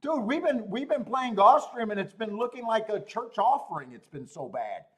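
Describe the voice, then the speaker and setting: Man, live-stream host, worked up, high voice, very lively pitch, swearing, pleading. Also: moderate pace. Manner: excitable, swearing, pleading, laughing often. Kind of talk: live-stream chat rant.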